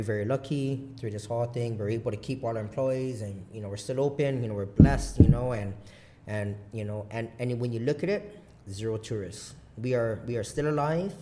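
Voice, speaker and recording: A man from Guam telling stories in a loose, profane, rambling way, laughing loudly at his own punchlines. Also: fairly low pitch, a little hiss or hum. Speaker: podcast guest, coffee bar founder. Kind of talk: casual storytelling chat.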